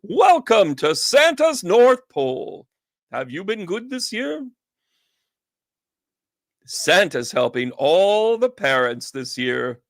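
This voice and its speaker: A man doing a jolly, Santa-like male North Pole announcer in a hearty holiday voiceover, slow and drawn out. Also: sits high, sing-song, no room sound, studio quality, voice pushed up, exaggerated voice.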